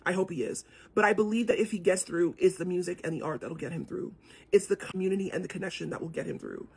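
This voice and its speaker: Husky woman giving an impassioned monologue. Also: on the low side, fast talker, a little mellow. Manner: impassioned, repeats phrases for emphasis. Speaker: cultural commentator. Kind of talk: earnest monologue to camera.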